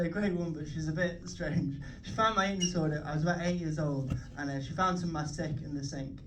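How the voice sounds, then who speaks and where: On a comedy club stage, a young man with a Liverpool accent does a swearing, self-mocking stand-up set with chatty crowd work. His voice is on the high side, picked up by a live club mic from a distance, with background noise and audience laughter.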